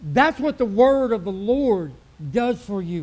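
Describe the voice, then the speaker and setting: A male pastor preaching a sermon with passion, swinging from loud outbursts to hushed, intimate murmurs and acting out the voices of doubters. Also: high voice, lively intonation, a little slow, hardly any pauses. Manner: acts out quoted voices of doubters.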